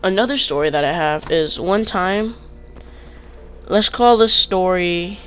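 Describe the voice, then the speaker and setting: A young man casually telling storytime tales into a clip-on mic, rambling with restarts and getting loud when excited. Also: high-pitched, measured pace, soft background music, low-quality recording. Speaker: vlogger.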